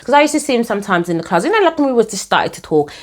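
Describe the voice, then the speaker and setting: A young woman telling her own story to camera in a chatty, animated way, often calling her viewers guys. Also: fairly high pitch, racing.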